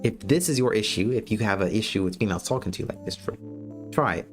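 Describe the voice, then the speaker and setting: An American man talks straight at his viewers in a casual livestream, blunt and profane as he lectures. His pitch swings up and down a lot as he talks. A little music plays quietly behind him. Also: expressive, fast talker. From United States. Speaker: streamer giving dating advice.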